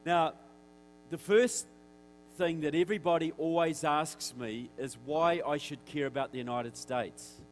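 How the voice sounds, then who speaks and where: New Zealand man giving a forceful speech. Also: on the high side, a little slow, soft background music, poor audio. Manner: forceful, direct, wry asides. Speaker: guest speaker. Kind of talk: public speech to an audience. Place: church hall.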